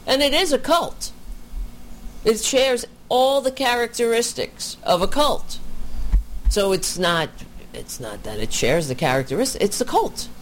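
A commentator reacting to a video in a slow, deliberate delivery, the pitch swinging widely as indignation builds. Sarcastic asides cut through the commentary. A faint hiss sits under the voice. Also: big pitch swings.

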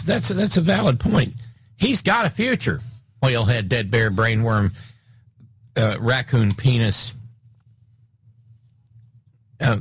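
Slow, husky, sardonic talk show man. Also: lowish voice, dry recording. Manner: sardonic, rambling, with frequent filler restarts. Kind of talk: casual political commentary.

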